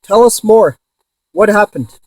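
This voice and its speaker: Guy doing a ghost box vlog, kinda high voice, all worked up, dry sound. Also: unhurried, no room sound. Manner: excitable, talks to spirits, swears when insistent. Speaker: paranormal investigator.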